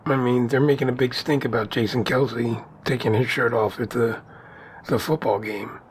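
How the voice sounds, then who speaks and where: A man with a mid-pitched voice chatting loosely on a podcast, rambling and often laughing. There is faint hiss behind him. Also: fairly even intonation, normal speed. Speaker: podcast co-host. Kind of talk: casual conversation.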